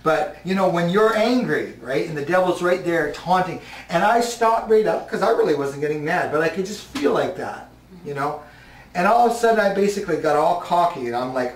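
A man's voice: on the high side, lively intonation, a little fast. Preacher man echoing from a distance. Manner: conversational, asks the congregation questions. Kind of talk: sermon. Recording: roomy hall from a distance.

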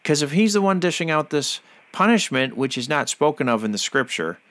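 A man's voice: on the high side, big pitch swings, fairly quick, a bit bright, no echo. A man hosting a podcast interview, who talks in a fervent, preachy way and often uses religious phrases. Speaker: podcast host.

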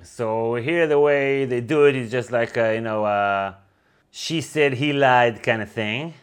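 A man's voice: mid-range voice, unhurried, clear, resonant tone. A man co-hosting a casual book discussion, talking enthusiastically with many fillers and reading passages aloud.

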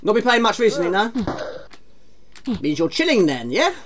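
A woman's voice: mid-range voice, big pitch swings, moderate pace, background noise. A woman streaming a retro game, chatting casually, teasing herself and greeting viewers from chat. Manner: chatty, self-mocking, reads chat aloud.

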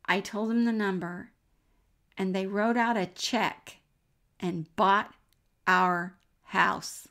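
A middle-aged woman tells a personal faith story as a Christian speaker, with a gravelly texture in her voice. She speaks warmly and earnestly, and her voice sometimes sinks to a near-whisper. Her pitch sits in an ordinary middle range.

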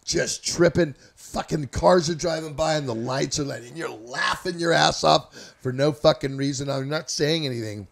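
A man's voice: on the high side, moderate pace, creaky, hardly any pauses. A man from Northern California telling a loose, rambling, profane story in a casual chat. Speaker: storyteller guest.

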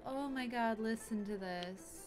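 Woman game streamer, high bright voice, slow unhurried talk, soft game music behind. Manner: wondering, easily startled, gasping, thinking aloud. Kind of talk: casual live gameplay reaction.

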